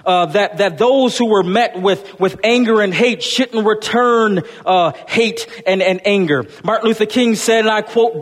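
Male pastor, fairly high voice, rhythmic preaching with refrains, long church reverb. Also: measured pace. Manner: addresses congregation as church. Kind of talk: sermon. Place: church sanctuary.

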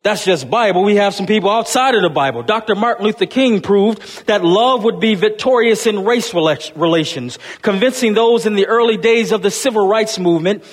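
Preaching pastor in a reverberant church. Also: male voice, sits high, fairly quick, few pauses. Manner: rhythmic preaching with repeated refrains; addresses congregation as church. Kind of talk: sermon. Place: church sanctuary. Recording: long hall reverb.

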